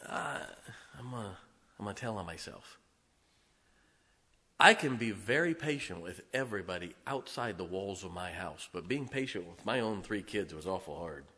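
A middle-aged pastor preaches an ordinary congregational sermon, his voice sitting low yet bright and forceful, with a breathy edge, echoing through the sanctuary's long reverb. Animated and at a normal speed, he alternates emphatic bursts with quiet, intimate asides, chuckling as he moves between points.

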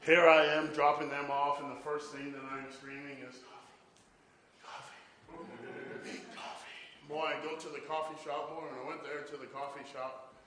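A man's voice: fairly high pitch, little pitch movement, a little fast, pushed and bright, roomy sound, slight background noise, poor audio. A man preaching a sermon, telling stories and often repeating "boy" and "can I tell you this". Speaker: pastor.

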